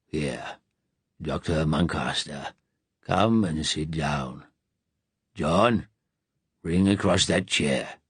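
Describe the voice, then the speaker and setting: A man's voice: husky, no room sound, heavily acted. A man doing a growling, lisping old statesman. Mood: gentle. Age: older. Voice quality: deep growling lisp. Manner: slow, grave and commanding. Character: aged gruff male wartime resistance leader, weary.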